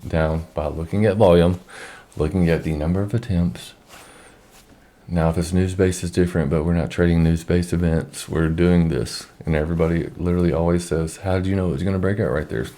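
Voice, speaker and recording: A man with a low voice lectures on trading in a blunt, exasperated way, swearing freely. He speaks into a microphone from his office. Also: warm tone. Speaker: trading educator. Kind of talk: screen-share trading lesson.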